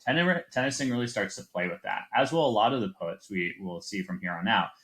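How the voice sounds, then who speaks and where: Male teacher, low voice, relaxed classroom lecture, loose and chatty with lots of fillers. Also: fairly quick. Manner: casual, many fillers, reads lines aloud with stress. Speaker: literature teacher.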